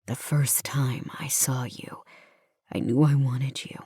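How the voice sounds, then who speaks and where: A soft-spoken young lover in an audiobook, hushed and close, often dropping to a whisper. The voice sits very low and deep for its reader, and the recording is dry and close-miked, with no room around it, as a woman reads him. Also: a little slow, no room sound, exaggerated voice. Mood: tender. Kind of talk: audiobook character voice.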